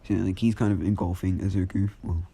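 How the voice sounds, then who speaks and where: Young male storyteller, low, dark, mellow voice, rambling casual delivery. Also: level tone, brisk, creaky, breathy edge. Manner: rambling, full of fillers and restarts. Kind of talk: casual fan story retelling.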